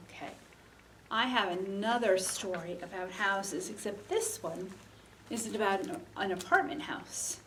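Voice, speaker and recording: A woman's voice: medium pitch, expressive, measured pace, fairly bright tone. Lady librarian doing storytime for kids, sing-songy, kinda far from the mic w/ a little hiss. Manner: sing-song, asks the children questions. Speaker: children's librarian. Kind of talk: storytime read-aloud for children.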